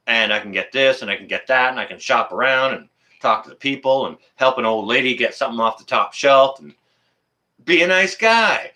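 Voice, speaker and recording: Male stream host, heated and indignant, bright forceful voice, swears then apologizes. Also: mid-range voice, lively intonation, fairly quick. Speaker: livestream host. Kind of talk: heated livestream rant.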